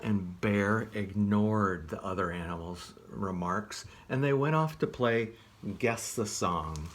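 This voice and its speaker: A man reading a picture book aloud as a children's librarian, gently asking the listener questions. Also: lowish voice, takes it slowly, hardly any pauses.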